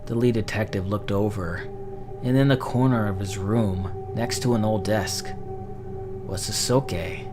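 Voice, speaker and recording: A man narrating a scripted horror story in a slow, measured, dramatic way. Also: lowish voice, music in the background.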